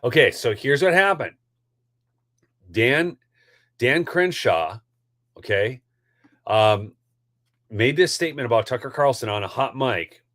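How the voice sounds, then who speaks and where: Male commentary host, mid-pitched, dry close sound, worked-up ranting delivery. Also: expressive, a little slow, long pauses, a bit bright, dry recording. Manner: ranty, heated, addresses audience as folks. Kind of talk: live political commentary.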